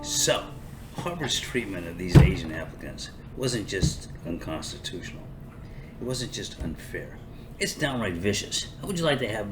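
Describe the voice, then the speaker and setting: In a noisy setting, a low-voiced older man runs his podcast like a casual comedic monologue. As host, he rambles along in a sarcastic, self-mocking way.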